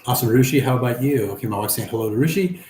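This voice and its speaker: A man's voice: mid-range voice, rapid-fire, a little mellow. Older man chatting through a live stream. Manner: chatty, reads viewer comments aloud and answers them. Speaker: livestream host reading chat. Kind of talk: casual chat. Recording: echoey room with faint background hum.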